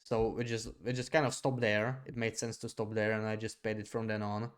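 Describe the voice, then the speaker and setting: A man's voice: on the low side, level tone, a little fast, clean tone. A young adult man streaming a game live, thinking aloud in a hesitant, rambling way with frequent restarts.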